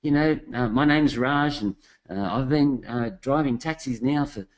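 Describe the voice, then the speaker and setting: A man's voice: medium pitch, a little slow, lightly acted. A cheerful, hardworking taxi driver, eager and upbeat, as a man puts him on while telling a story. The voice sits a few notches above the storyteller's own.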